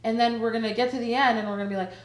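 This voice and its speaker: A woman's voice: fairly high pitch, steady tone, very fast. A woman on a podcast panel, talking animatedly and filling her talk with "like" and restarts. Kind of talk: casual podcast discussion. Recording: echoey room.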